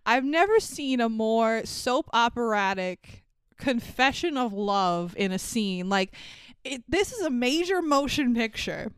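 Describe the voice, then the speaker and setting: A woman's voice: fairly high pitch, animated, measured pace, clear, resonant tone, no echo. A woman co-hosting a casual movie podcast, blunt and sarcastic, swearing often. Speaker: podcast co-host.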